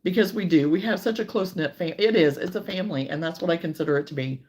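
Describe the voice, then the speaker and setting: A woman hosting a casual crochet livestream, chatting warmly and reading out viewer comments, sometimes close to tears. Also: fairly low pitch, fast talker. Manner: warm, emotional, reads viewer comments aloud.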